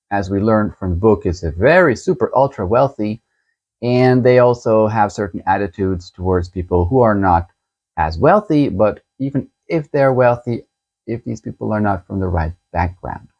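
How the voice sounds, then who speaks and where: A man hosting a book channel, chatting casually as he shows a book set and reviews a novel, unhurried and chuckling as he thinks aloud. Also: on the low side, darkish tone, highs cut off.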